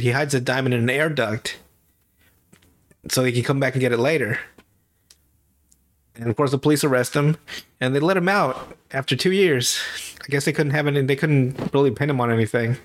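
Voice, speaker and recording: A man with a stuffy nose, co-hosting a podcast and recapping a movie in a rambling, casual way. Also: medium pitch. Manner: rambling, self-correcting, swears and laughs. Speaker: podcast co-host.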